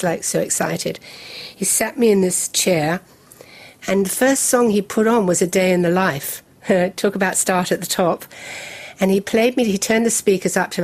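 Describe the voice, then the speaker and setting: Older woman telling lively anecdotes. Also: lowish voice. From England. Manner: lively anecdotal storytelling with laughs. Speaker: guest. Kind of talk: storytelling interview.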